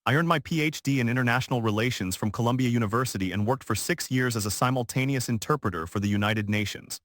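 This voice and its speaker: A man reading the lines of a highly educated young waitress, gracious but firm, in a synthetic storybook narration. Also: quick pace, fairly bright tone, dry recording, studio quality, lightly acted. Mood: calm.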